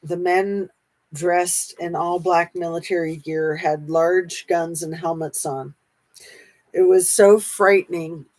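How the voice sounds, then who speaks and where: A woman reading a memoir aloud in a steady, unhurried way, pausing now and then. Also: fairly low pitch, poor audio.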